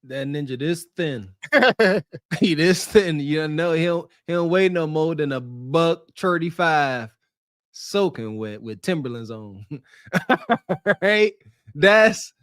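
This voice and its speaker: A man co-hosting a podcast, reacting to street interview clips with animated, laughing, mocking commentary. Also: on the high side, slow pace, dry recording, studio quality. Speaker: podcast co-host.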